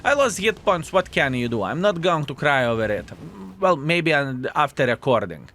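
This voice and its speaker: A man's voice: fairly high pitch, moderate pace. Upbeat man commentating his gameplay. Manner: animated, addresses viewers as fellas, self-mocking asides. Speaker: video game player and channel host.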